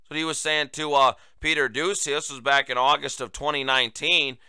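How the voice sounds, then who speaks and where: Indignant male host, tense crisp voice. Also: a little high, little pitch movement, fairly quick, bright, forceful tone, no room sound. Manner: indignant and sarcastic. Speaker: talk show host. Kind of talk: political commentary.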